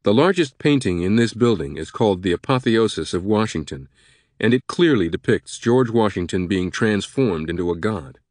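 A man's voice: fairly low pitch, expressive, normal speed, a little mellow, no echo, studio quality. A man voicing a learned male professor who explains history patiently. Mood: explaining.

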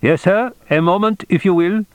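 A man voicing a brisk, formal male consulate functionary with a German accent. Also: high-pitched, smooth, no room sound, pitched above the performer's own voice, close to an everyday voice.

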